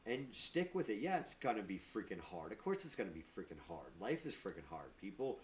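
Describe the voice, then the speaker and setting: A middle-aged martial arts instructor and gym owner chats casually on a podcast, acting out quoted voices with emphasis. His voice is lowish, very animated and a little fast, with slight background noise.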